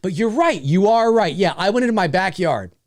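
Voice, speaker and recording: Brief: man in his forties, livestream host, animated and swearing, with a dry, close sound. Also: high-pitched, a little fast, no echo. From Canada. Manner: animated, profane, laughs often. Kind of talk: casual livestream chat.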